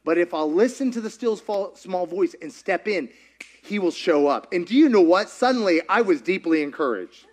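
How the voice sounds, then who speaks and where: A man preaching a sermon, telling a story in an animated, chatty way and laughing often. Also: sits high, normal speed. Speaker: pastor.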